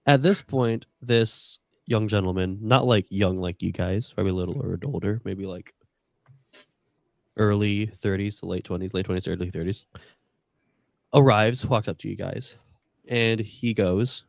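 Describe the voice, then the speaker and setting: A man narrating a tabletop game as game master, playful and quick to laugh. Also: lowish voice, fairly even intonation, gravelly, no room sound, clean studio sound.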